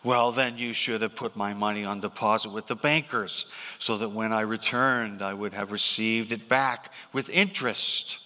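A man reading the part of a stern, angry master who scolds a lazy servant, in a slow, grave and weighty way. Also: lowish voice, steady tone, sharp tone, long reverb tail, pitched below the performer's own voice.

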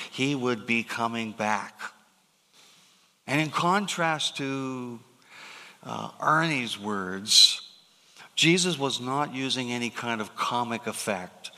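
Male pastor, sermon. Slow, deliberate delivery, long hall reverb. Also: medium pitch, pushed and bright. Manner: measured, deliberate preaching with rhetorical questions.

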